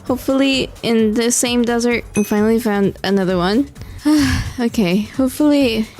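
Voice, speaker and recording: A woman's voice: on the high side, moderate pace, darkish tone. A young woman giving casual commentary over her gameplay, tired late at night, pleading and exasperated and laughing often. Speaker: gaming vlogger.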